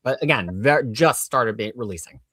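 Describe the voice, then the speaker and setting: A man's voice: medium pitch, expressive, normal speed, bright, forceful tone, husky. A man sharing thoughtful, rambling opinions as a guest on a comics podcast panel. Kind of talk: casual panel chat.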